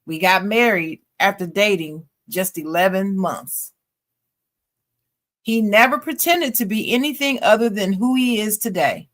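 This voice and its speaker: With a medium pitch and a measured pace, a female podcast co-host gives an expressive reading of a listener's letter. She pauses here and there to toss in slangy, casual remarks.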